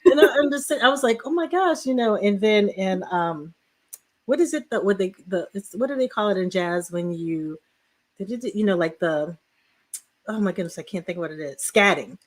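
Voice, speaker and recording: A woman co-hosting a casual online talk show, effusive and excitable, talking in rambling bursts. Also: medium pitch, normal speed. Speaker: co-host.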